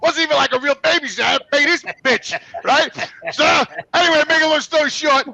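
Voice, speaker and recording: A man's voice: extremely high pitch, fast, gravelly, no echo, muffled recording. A man telling a rambling, profane story in casual talk, acting out the people he quotes. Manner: profane, animated, acts out quotes. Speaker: guest.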